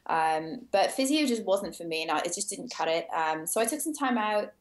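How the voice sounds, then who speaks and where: A British woman in her thirties, her accent tinged with Australian, is a personal trainer appearing as a guest in a casual interview about her fitness work. Her fairly low, expressive voice moves at normal speed in an echoey room, enthusiastic and full of fillers.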